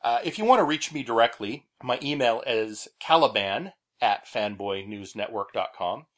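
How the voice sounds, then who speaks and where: A man's voice: medium pitch, normal speed. A man hosting a podcast, telling stories casually with many fillers. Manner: animated storyteller, many "uh" fillers. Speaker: podcast host. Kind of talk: casual chat.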